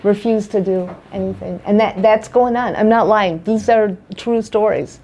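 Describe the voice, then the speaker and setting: A woman speaking as a patient guest in an interview, her sentences tumbling out in an emotional personal account. She circles back, repeats herself and restarts phrases as she talks, at a middling pitch for a woman. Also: moderate pace, mellow, muffled recording, slight background noise. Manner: tumbling, repetitive storytelling with frequent restarts.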